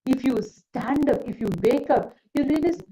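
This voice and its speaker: A woman with a high voice leads an online spiritual gathering. She calls on participants by name and tells an earnest parable. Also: moderate pace, mellow, a little hiss or hum, rough recording. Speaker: spiritual session facilitator. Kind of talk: storytelling sermon.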